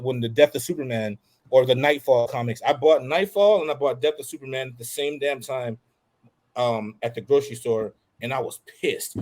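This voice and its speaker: A man telling a childhood story as a podcast guest, animated, acting out the voices of people in it. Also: mid-range voice. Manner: animated, acts out quoted voices. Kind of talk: casual storytelling.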